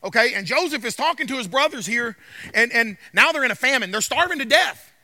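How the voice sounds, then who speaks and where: High-voiced, emphatic male pastor. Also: animated, fairly quick, pushed and bright, no echo. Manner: emphatic, repetitive, calls out "Amen?". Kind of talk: sermon.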